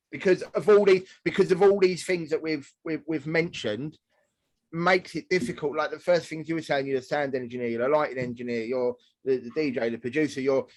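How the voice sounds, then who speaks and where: A man talks through the difficulties of DJing, stumbling and repeating words as he goes. His voice is somewhat high for a man. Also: poor audio. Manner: hesitant, repeats words often. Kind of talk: casual podcast chat.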